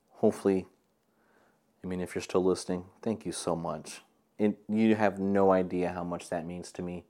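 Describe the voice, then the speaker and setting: A man's voice: sits low, darkish tone. A young man hosting a solo podcast, talking in a rambling, earnest way with many fillers and repeated words. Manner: earnest and encouraging. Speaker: podcast host. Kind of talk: casual solo podcast monologue. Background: air conditioner hum.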